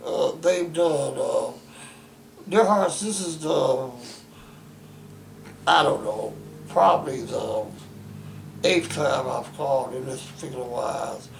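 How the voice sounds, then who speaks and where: A man's voice: medium pitch, slow pace, gravelly, pauses often, reverberant, slight background noise, low-quality recording. A man at home, making an emphatic complaint in formal, wordy phrasing with many stammered restarts. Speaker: interviewee describing his care. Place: home bedroom.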